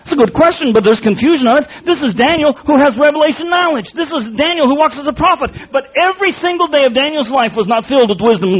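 A man preaching a sermon, explaining a Bible passage in an emphatic, folksy way with repeated words and quick restarts. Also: very high voice, husky, poor audio.

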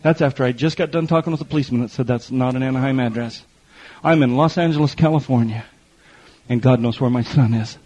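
In this muffled lo-fi clip, a middle-aged preacher spins folksy testimony stories, acting out the characters with quoted voices and repeated lines. He speaks fast at a medium pitch, with a slightly mellow tone.

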